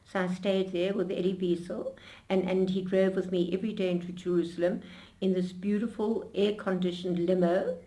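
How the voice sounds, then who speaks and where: An older woman being interviewed, telling her memories in an animated storytelling way with frequent restarts. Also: on the low side, moderate pace.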